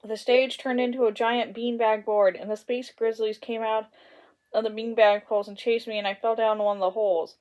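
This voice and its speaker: A woman's voice: on the high side, little pitch movement, moderate pace, darkish tone, natural voice, poor audio. A woman doing a scared little girl cub. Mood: frightened. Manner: frightened and wailing, then inquisitive.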